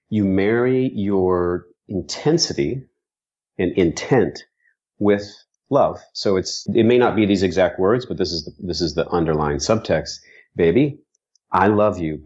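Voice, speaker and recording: A man's voice: deep voice, darkish tone, muffled recording. A man as guest co-host, speaking in an earnest, frank way and swearing for emphasis in casual conversation.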